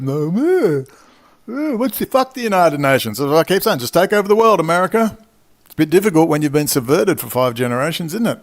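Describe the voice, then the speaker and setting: A man, from Australia, delivering an angry, profane, rambling monologue as a commentator. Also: mid-range voice. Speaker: independent commentator. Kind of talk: ranting monologue.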